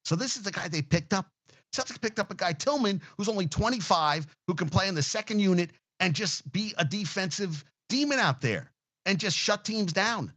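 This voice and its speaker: A man's voice: high-pitched, lively intonation, moderate pace, fairly bright tone, husky. A man hosting a sports talk show, ranting casually and heatedly with lots of swearing and restarts. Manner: profane, heated, rambling with restarts.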